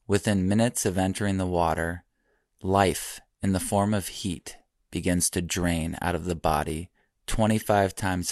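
A man giving measured, dramatic scripted narration for a documentary. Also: low voice, no room sound, studio quality.

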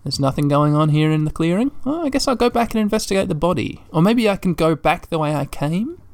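A man narrating a video game as he plays, describing what is on the screen and thinking out loud. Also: fairly high pitch, lively intonation, fairly quick, creaky, no echo. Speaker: gameplay commentator. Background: faint game music.

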